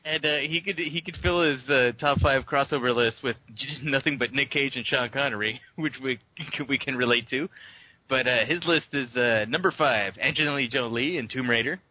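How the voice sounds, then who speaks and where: Male podcast co-host, bright and husky, quippy and laughing, lo-fi dry sound. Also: medium pitch. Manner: quick quips, laughs a lot, reads listener comments. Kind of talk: casual chat.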